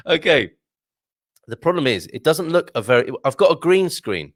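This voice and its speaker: A man's voice: on the high side, big pitch swings, normal speed. A jokey man hosts a casual morning live stream. His voice rises and falls a lot as he chats, and the sound is close and dry with no room echo. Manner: chatty and jokey, reading out viewer comments. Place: home studio with a green screen.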